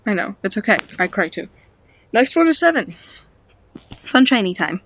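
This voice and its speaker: A woman's voice: fairly high pitch, expressive, normal speed, long pauses, breathy edge, no room sound, dull audio. Stuffy-nosed woman chatting playfully. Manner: playful, chatty, talks to game characters; drops to whispers at times. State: stuffy nose. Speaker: game vlogger. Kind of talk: casual unboxing commentary. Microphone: cheap home microphone.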